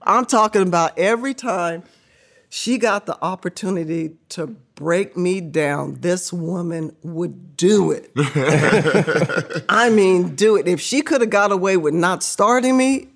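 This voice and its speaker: An older woman and former basketball player telling stories as a podcast guest, animated and laughing, acting out what people said. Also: on the low side, slow pace. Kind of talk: casual storytelling interview.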